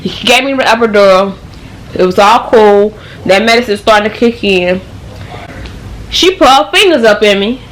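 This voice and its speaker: A young woman telling her story straight to camera in loose, slangy talk full of swearing. She's animated and keeps the tale rolling, with a faint hiss behind her. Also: mid-range voice, moderate pace. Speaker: vlogger. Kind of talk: casual storytime.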